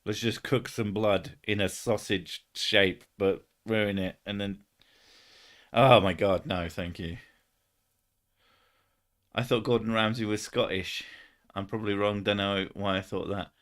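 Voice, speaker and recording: A man's voice: lowish voice, steady tone, measured pace, long pauses, a bit bright. Joking, swearing man on a stream. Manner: swears often, laughs between jokes. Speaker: streamer host. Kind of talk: casual stream chat.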